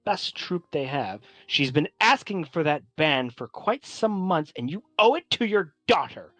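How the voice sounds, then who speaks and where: A man's voice: on the high side, expressive, a little slow, a bit bright, no echo. A man voicing a bossy, stern noblewoman who scolds her husband with clipped commands. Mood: scolding. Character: stern bossy middle-aged noblewoman mother.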